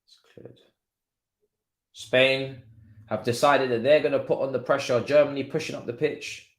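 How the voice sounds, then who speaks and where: Excitable young man. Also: medium pitch, normal speed. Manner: excitable, slangy, shouts at the players. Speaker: watchalong streamer. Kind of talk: live football watchalong commentary.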